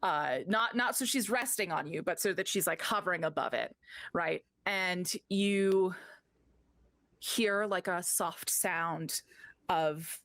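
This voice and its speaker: A woman's voice: fairly low pitch, slow, fairly bright tone, no room sound, studio quality. A woman game master narrating a tabletop scene in a loose, rambling way with many fillers.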